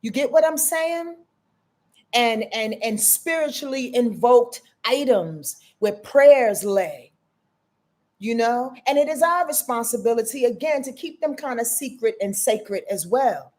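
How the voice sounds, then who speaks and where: A woman with a slightly raised pitch hosts a live-stream astrology reading. She talks in a loose, chatty way, affectionate and blunt, with casual cursing mixed into her spiritual advice. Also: lively intonation, unhurried, a little mellow. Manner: frank, affectionate, profane, chatty.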